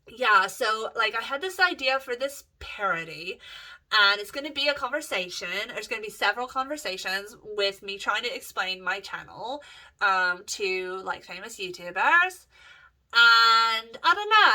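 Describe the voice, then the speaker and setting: Young woman, vlogger, casual rambling monologue, profane, lots of fillers, slightly high voice. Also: bright, forceful tone. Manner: profane, rambling, many fillers and self-corrections.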